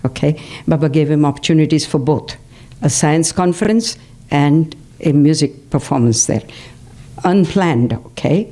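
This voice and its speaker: Low, mellow older woman. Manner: anecdotal, frequent fillers and "okay?" check-ins. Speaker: devotional speaker. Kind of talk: personal talk to a spiritual group. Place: community center hall.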